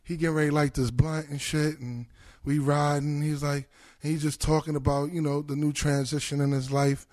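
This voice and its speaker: A man's voice: fairly high pitch, a little fast. A middle-aged man from Brooklyn with a New York accent, telling a long profane story in casual chat and acting out his friends' lines. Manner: animated, profane, acts out quoted friends. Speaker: podcast guest.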